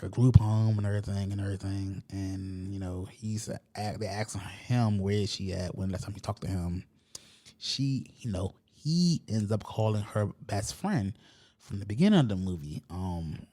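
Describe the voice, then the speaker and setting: A man with a low, mellow voice chats casually on his podcast. He tells a movie's story in a rambling, slangy way. Every so often he jumps into quick voices for the characters. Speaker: podcast host. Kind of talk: casual podcast chat, retelling a movie plot.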